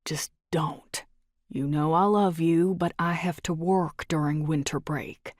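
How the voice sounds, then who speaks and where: A woman voicing a blunt, resentful young man with a slow Texas drawl and a cold, low delivery. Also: fairly even intonation, a little mellow, dry recording, clean studio sound. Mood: firm.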